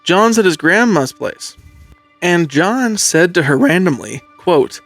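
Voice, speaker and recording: A man's voice: on the high side, faint music behind. Man spinning a spooky podcast tale. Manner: animated storyteller building suspense with dramatic pauses. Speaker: podcast host. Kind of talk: casual storytelling podcast.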